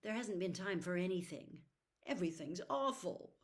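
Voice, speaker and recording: A woman reading aloud, voicing a frantic, desperate young girl with high, anguished cries. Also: expressive, normal speed, natural voice. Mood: despairing.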